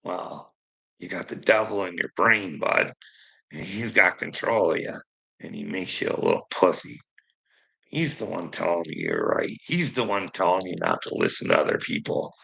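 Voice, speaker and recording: Man, angry rant, gravelly low voice, husky edge, swings up and down, cursing a lot. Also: sing-song, moderate pace, long pauses, sharp tone, poor audio. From Canada. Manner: heated, swearing, confrontational. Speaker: streamer.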